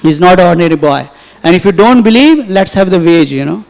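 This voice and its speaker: A man's voice: high voice, expressive, a little fast, gravelly, a little mellow. A man with an Indian English accent preaching a storytelling sermon in a temple hall, animatedly acting out the dialogue. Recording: echoey hall, dull lo-fi recording.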